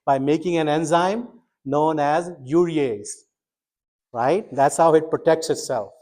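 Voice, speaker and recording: A man's voice: on the high side, measured pace, a little mellow. A middle-aged man teaching a medical school class, quizzing students and explaining step by step with emphatic energy. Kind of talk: interactive classroom lecture.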